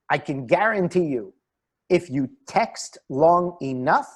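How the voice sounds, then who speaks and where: A man giving an online talk as a relationship coach, animated and laughing between his points. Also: mid-range voice.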